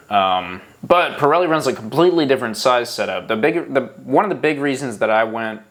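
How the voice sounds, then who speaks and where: A man's voice: on the low side, a bit bright. Chatty man hosting a motorcycle podcast. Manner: chatty, rambling with restarts. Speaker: podcast host. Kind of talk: casual podcast chat.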